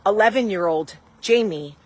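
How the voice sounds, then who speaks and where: A woman in her forties speaks candidly to camera, acting out both sides of a remembered exchange. Her voice sits at an ordinary middle pitch, and a faint hum of passing vehicles runs underneath. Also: moderate pace, poor audio. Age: 40s. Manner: candid, animated storytelling, acts out quoted dialogue. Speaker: host. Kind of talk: casual talk to camera.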